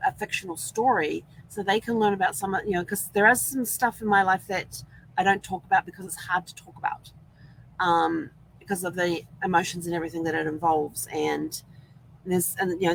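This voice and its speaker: A woman's voice: fairly low pitch, gravelly, slight background noise, rough recording. A woman from New Zealand with a New Zealand accent, hosting a casual live-stream chat from inside an RV. She is upbeat and rambling, and she acts out the things she once said. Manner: upbeat, rambling, acts out her own past words. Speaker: vlog host.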